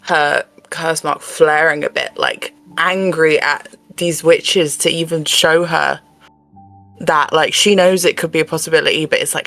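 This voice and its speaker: A player in a tabletop game who talks in a casual, animated way and rambles with a lot of "like". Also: medium pitch, a little slow. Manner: animated, rambling, laughing often.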